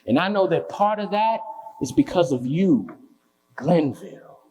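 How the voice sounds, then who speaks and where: A man's voice: on the high side, animated, unhurried, darkish tone, slight background noise. A young man performing spoken word poetry with a rhythmic, impassioned delivery and chatty asides between pieces. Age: young adult.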